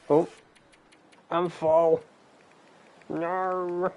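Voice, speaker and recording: A man's voice: mid-range voice, fairly even intonation, unhurried, darkish tone. A man hosting casual gameplay commentary, rambling and ranting and swearing freely. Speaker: gaming channel host.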